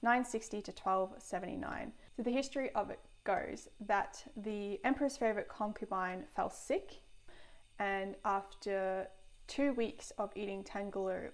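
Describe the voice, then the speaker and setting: A woman's voice: medium pitch, steady tone, measured pace. A woman chatting casually through a cooking vlog in her kitchen, self-deprecating and laughing often. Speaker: food vlogger. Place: home kitchen.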